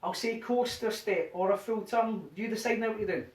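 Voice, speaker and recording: A man's voice: sits high, normal speed. A man teaching a line dance workshop from his living room, chanting the step counts aloud in rhythm and sounding a bit out of breath. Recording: roomy, distant home video sound.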